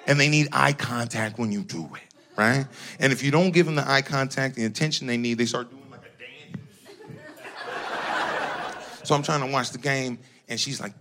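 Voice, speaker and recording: Laughing at his own lines, a man from Northern California performs profane, animated stand-up at medium pitch.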